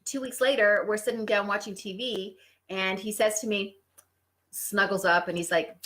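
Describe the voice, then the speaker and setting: A woman's voice: medium pitch, fairly even intonation, moderate pace, a bit bright. A middle-aged woman hosting a casual relationship advice talk, telling stories with sarcastic asides. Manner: conversational storytelling, sarcastic asides. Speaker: host.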